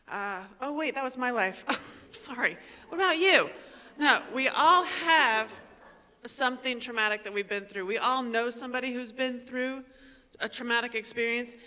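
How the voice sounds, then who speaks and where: A woman giving a personal storytelling talk on stage, animated and self-mocking, speaking straight to the audience through a microphone. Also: fairly high pitch. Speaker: invited speaker. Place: large performing arts hall. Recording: long reverb of a large hall.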